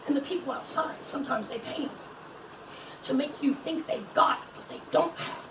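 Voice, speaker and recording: A woman's voice: sits high, moderate pace. A woman giving heated religious commentary, ranting emphatically and swearing a lot. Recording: echoey room, distant mic, noisy.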